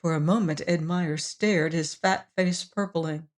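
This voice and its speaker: Lady narrating an old novel audiobook, measured storytelling. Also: fairly low pitch, fairly even intonation. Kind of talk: scripted narration.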